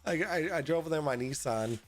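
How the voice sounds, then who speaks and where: A young adult man hosting a casual livestream from home, tipsy, rambling and halting with lots of fillers and swearing. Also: a little high, no room sound. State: tipsy from drinking. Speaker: host. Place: at home in an apartment.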